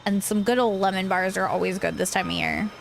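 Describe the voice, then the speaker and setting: A woman's voice: medium pitch, steady tone, a little fast, creaky, a little hiss or hum. A woman streamer chatting casually and enthusiastically while playing a game. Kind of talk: casual chat while gaming.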